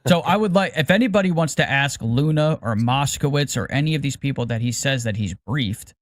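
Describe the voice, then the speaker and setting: A man's voice: mid-range voice, lively intonation, brisk, no echo, studio quality. A podcast co-host in his forties talks in a casual, careful way and restarts his words often. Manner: careful, hedging, repeats words when starting.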